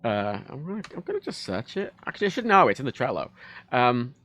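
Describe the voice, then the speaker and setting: A man's voice: mid-range voice, sing-song, fast talker, a bit bright. A man streaming casually, rambling and swearing freely and often cutting himself off mid-sentence. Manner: rambling, sweary, self-interrupting. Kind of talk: casual livestream chat.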